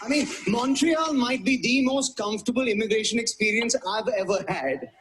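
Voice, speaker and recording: A man's voice: very high voice, moderate pace, background noise. A man from India with an Indian English accent, performing a wry, self-mocking stand-up routine on stage before a live audience. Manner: wry, self-mocking, punchy delivery with put-on voices. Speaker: stand-up comedian.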